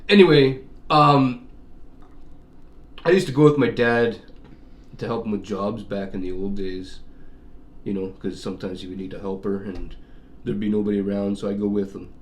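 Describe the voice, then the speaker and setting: A man's voice: lowish voice, fairly even intonation, moderate pace, pauses often. A middle-aged man from Canada, casually telling a rambling, profane story and laughing often. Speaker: vlogger. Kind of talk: casual chat.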